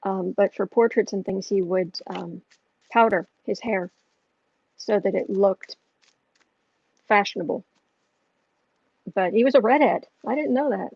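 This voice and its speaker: A woman's voice: mid-range voice, measured pace, creaky, long pauses, a little mellow, dull audio, a little hiss or hum. A woman reading astrology and tarot on a casual home livestream, musing and thinking aloud as she goes.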